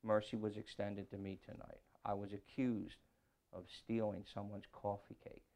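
A middle-aged man preaching a sermon, shifting from quiet talk to loud scripture reading. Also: lowish voice, flat delivery, normal speed, creaky.

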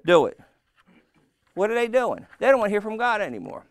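A man preaching a sermon, telling a story with lively, playful asides and asking his listeners questions. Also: high voice, brisk. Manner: animated storytelling, acting out voices, asks the crowd questions.

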